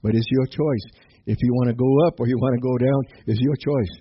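Male preacher, mid-pitched, jokey and spirited sermon delivery with sung verses; slightly dull, faintly noisy recording. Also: fairly quick, husky. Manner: lively and joking, sings and shouts out verses.

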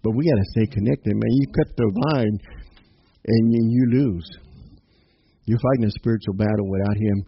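A man's voice: on the low side, moderate pace, vocal fry. Cheery preacher guy, amen every other line, kinda dull lo-fi sound with a bit of hiss. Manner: upbeat, says amen often, laughs, quotes scripture. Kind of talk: informal devotional sermon. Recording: slightly dull lo-fi recording with faint noise.

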